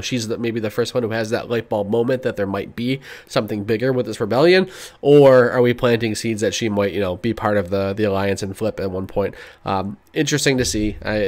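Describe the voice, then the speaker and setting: A man co-hosting a podcast in casual chat, excitable and gushing, with lots of "like". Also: on the low side. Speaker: podcast co-host.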